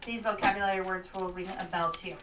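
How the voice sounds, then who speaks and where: A woman teacher reading a story aloud to her class and giving brisk directions in a classroom, recorded from a distance. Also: mid-range voice, fairly even intonation, a bit bright, slight background noise. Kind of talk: classroom read-aloud and instruction. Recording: echoey classroom from far off.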